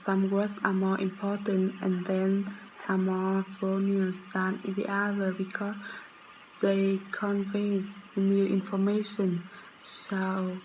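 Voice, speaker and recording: A woman reads a prepared lesson script at an unhurried pace. Her delivery stays strikingly flat and steady, with small stumbles. A faint hiss sits behind her voice. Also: medium pitch, highs cut off. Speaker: student presenter.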